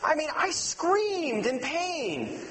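A man preaching a sermon as pastor, telling personal stories with animation and dropping to a soft, low voice for emphasis. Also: big pitch swings, slow. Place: church sanctuary. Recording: long hall reverb with faint mains hum.

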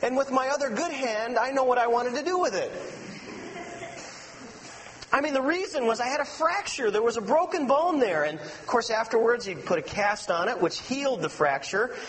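A man with a high voice preaches a sermon as pastor, animated in his storytelling and sinking to a hushed, low tone to stress a point. His words ring out with a long reverb in a church sanctuary. A faint electrical hum sits beneath the recording. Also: moderate pace. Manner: animated storytelling, dropping to a soft low voice for emphasis. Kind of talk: sermon with personal stories.

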